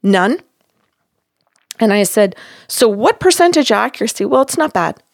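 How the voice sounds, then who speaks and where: A counselor in her sixties, speaking a little slowly in a slightly high, very animated voice with vocal fry, recounts a session by firmly and emphatically acting out both sides of the dialogue. The recording is dry and studio quality.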